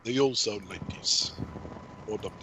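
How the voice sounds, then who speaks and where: A man's voice: on the low side, normal speed. A man playing a tabletop game, tossing in teasing, laughing asides. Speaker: player. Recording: clicks and clear background noise.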